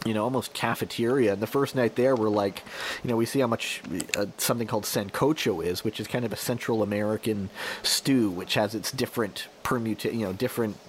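A man's voice: on the low side, a little fast, slight background noise. A man who is a journalist, chatting casually on a podcast and telling stories with lots of fillers and restarts. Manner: rambling storyteller with many fillers and restarts. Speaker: journalist guest.

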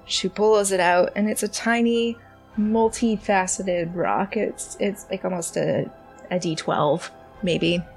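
A woman narrating a tabletop game as game master, relaxed and hesitant with many ums. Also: mid-range voice, takes it slowly, faint music behind.

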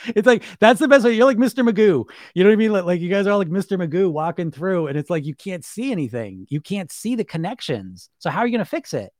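A fairly high-voiced middle-aged man talks as a weight-loss coach in a loose, emphatic monologue. He stacks fillers, throws questions at the listener and swears casually. The sound is close and dry, with no room in it. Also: lively intonation, quick pace, hardly any pauses, a little mellow, dry recording. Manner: chatty, emphatic, repeats fillers, swears casually, laughs often.

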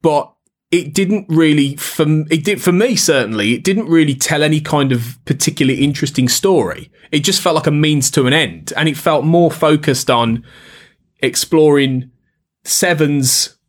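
A man's voice: fairly high pitch, normal speed. A man co-hosting a podcast, talking casually about an episode, often hesitating and repeating words as he searches for them. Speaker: podcast co-host. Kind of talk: casual critical discussion.

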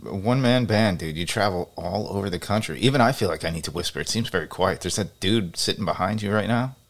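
A man co-hosting a podcast, telling funny stories in casual chat and laughing as he goes. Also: low voice. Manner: laughing storyteller, gets loud and fast when excited. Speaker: podcast co-host.

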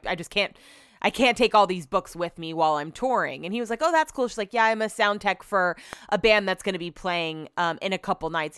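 A woman's voice: mid-range voice, fairly bright tone, smooth, no echo, clean studio sound. A young adult woman hosting a podcast, telling a story in casual chat with lots of "like" and the odd swear word. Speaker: podcast host.

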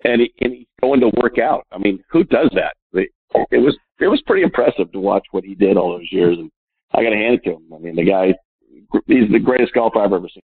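A husky, slightly low-pitched man in his fifties tells chatty stories as an interview guest, laughing often and leaning on filler "uh"s. His voice comes through a tinny phone line that sounds dry and close. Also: animated, fast, no echo. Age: 50s. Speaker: guest, professional golfer. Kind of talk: interview storytelling.

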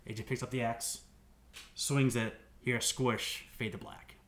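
A man's voice: medium pitch, flat delivery, a little slow, a bit bright, slight background noise. Brief: podcast co-host, man, mid-range voice, rambling casual game recap. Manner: rambling, restarts and many "like"s.

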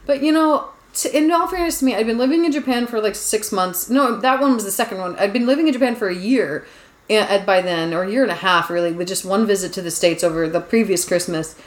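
A woman's voice: medium pitch, fast talker. A woman hosting a casual podcast chat, telling rambling stories with lots of "like"s and restarts. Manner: rambling, chatty storyteller with frequent "like"s. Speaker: podcast host. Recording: roomy echo.

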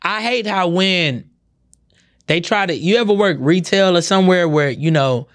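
Brief: young male podcast host, highish voice, animated profane rant. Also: normal speed. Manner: profane, heated, animated ranting. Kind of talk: ranting comedic monologue.

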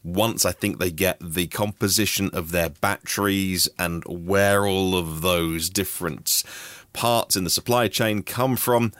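Chatty low-voiced male news podcaster. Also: a bit bright, no room sound. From Norfolk, England. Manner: chatty, with personal asides and quick reactions. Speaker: podcast host. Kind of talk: daily news podcast roundup.

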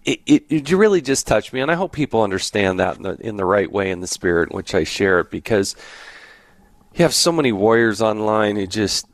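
A man hosting a podcast, telling stories in a casual, chatty way and teasing his guest with quick questions. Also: fairly low pitch, animated, no echo, clean studio sound. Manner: chatty, teasing, with frequent restarts. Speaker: podcast host. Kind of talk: casual conversational storytelling.

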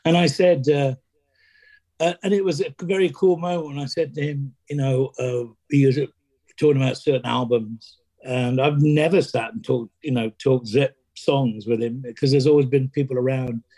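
A middle-aged Englishman answers interview questions at an unhurried, storytelling pace. His voice is mellow and dark, and he starts over often and slips into quoted dialogue as he goes. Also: mid-range voice, steady tone. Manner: halting, many restarts and fillers, acts out quoted lines. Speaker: interview guest, drummer. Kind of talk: conversational storytelling.

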